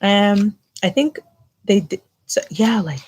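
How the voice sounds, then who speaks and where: A woman's voice: medium pitch, takes it slowly, darkish tone, slightly rough. A young woman chatting casually on a live stream, filling her talk with lots of "like". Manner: chatty, filler-heavy with lots of "like". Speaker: vlogger.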